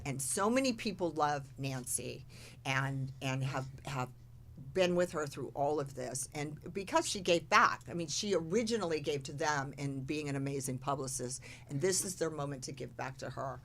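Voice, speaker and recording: A woman hosting a podcast in casual chat, speaking softly and with sympathy. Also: low-pitched, expressive, moderate pace, slight background noise. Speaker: podcast host.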